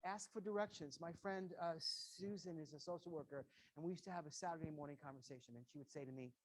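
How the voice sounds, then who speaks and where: Fast and with few pauses, a man whose voice sits on the high side gives parents a motivational slide lecture as a guest educator. He stresses his points earnestly through repetition and short, acted-out quoted dialogues.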